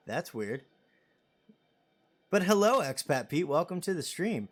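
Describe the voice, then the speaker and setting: A man in his thirties hosts a live stream, chatting and rambling as he reads viewer comments and makes self-deprecating jokes. He speaks at a normal speed in a high voice with lively intonation.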